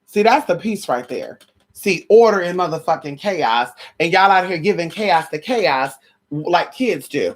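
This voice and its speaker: A tired, sweaty vlogger preaching a profane, sermon-style rant to viewers, calling them honey and girl, stammering restarts, shouting ow, and reading scripture slowly and dramatically. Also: mid-range voice, expressive. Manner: sassy, calls listeners honey and girl.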